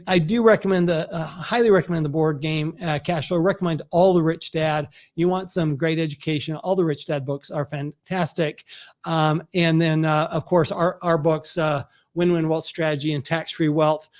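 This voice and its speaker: A man hosting the live online launch of his own book, talking earnestly and answering viewers' comments over a video call setup. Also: fairly high pitch.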